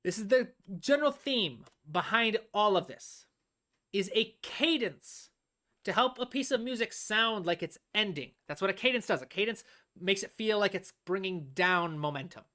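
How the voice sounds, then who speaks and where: A woman's voice: medium pitch, animated, normal speed, a bit bright. A woman teaching music composition on a live stream, explaining step by step, often drawing out words while she thinks and checking in with "all right?".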